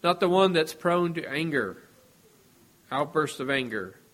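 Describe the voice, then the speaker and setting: A man preaching a sermon in a measured, earnest way, his voice dropping softly at the ends of phrases. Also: on the high side, animated.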